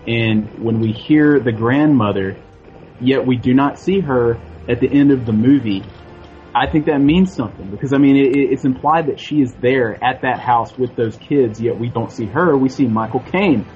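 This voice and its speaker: A man's voice: mid-range voice, moderate pace, dull audio, faint music behind. A man arguing animatedly in a casual movie discussion. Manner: animated, argumentative.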